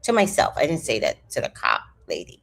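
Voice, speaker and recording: A woman in her fifties telling a story to her viewers in an animated, chatty way, swearing freely. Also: very deep voice, a little fast, creaky. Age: 50s. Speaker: vlogger. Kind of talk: casual storytelling to camera.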